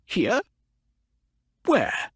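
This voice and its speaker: A man voicing an excitable older male racehorse owner who exclaims loudly. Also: extremely slow, dry recording, studio quality. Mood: puzzled.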